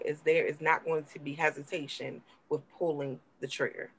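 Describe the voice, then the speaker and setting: A woman's voice: deep voice, flat delivery, moderate pace, a little hiss or hum, rough recording. A woman co-hosting a talk show, giving impassioned, emphatic commentary and repeating words for emphasis while emotional.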